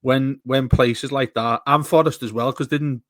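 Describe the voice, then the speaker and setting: A man's voice: mid-range voice, steady tone, measured pace, a bit bright, no room sound. Male podcast co-host, rambling and chatty, dry close sound. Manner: rambling, restarts often, laughs while talking. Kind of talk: casual chat.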